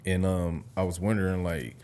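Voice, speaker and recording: A man's voice: sits low, steady tone, moderate pace, darkish tone, a little hiss or hum. A young man from Detroit in casual podcast chat, laid-back and slangy, laughing often. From Detroit, Michigan.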